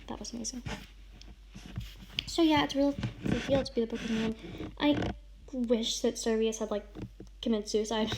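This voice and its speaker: A woman with a high voice reads a friend's story aloud in an over-the-top, melodramatic way, breaking off for casual remarks. The recording has a steady layer of noise under her voice. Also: normal speed, long pauses. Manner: over-the-top dramatic reading, shouts and sobs in the big lines. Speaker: vlogger reading a friend's writing.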